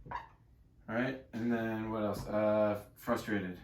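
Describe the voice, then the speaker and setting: A man's voice: on the low side, steady tone, slow pace, echoey room. A man, a self-help coach, teaching casually to camera in a room with a whiteboard, talking conversationally and emphatically and checking in with the listener often.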